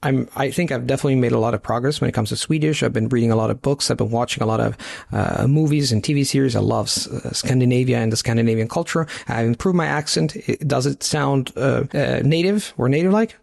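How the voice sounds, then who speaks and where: Guy reacting to his old clip, raspy-ish fry, reflective, lots of restarts. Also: mid-range voice, fast talker, a little mellow. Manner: reflective, fond of idioms, frequent restarts. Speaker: language learning YouTuber.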